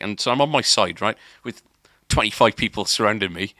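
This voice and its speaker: A man's voice: lowish voice, lively intonation, a little fast, sharp tone, no room sound, clean studio sound. A man, a podcast co-host, telling a long story in casual chat, rambling with restarts and filler words.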